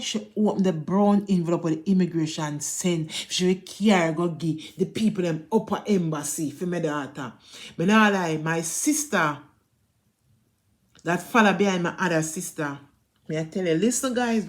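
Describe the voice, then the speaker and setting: Low-voiced Jamaican woman vlogging. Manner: emphatic, repetitive, keeps addressing viewers directly. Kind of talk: casual storytelling commentary.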